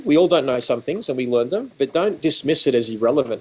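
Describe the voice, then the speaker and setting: A man's voice: mid-range voice, expressive, a little fast, hardly any pauses, a little mellow, husky. A man with an Australian accent, a photography educator, chatting on a video call and acting out quoted exchanges as he talks. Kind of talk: animated conversational storytelling.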